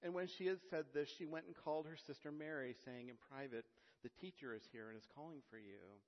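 A man reading scripture aloud with slow emphasis, then preaching haltingly with many pauses and fillers. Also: on the high side. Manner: reads with emphatic slowing, then halting and hesitant. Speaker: lay preacher. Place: church. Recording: dull sound with long hall reverb.

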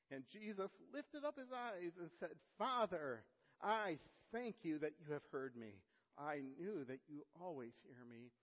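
A man reading scripture aloud with slow emphasis, then preaching haltingly with many pauses and fillers. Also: fairly high pitch. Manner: reads with emphatic slowing, then halting and hesitant. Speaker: lay preacher. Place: church. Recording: dull sound with long hall reverb.

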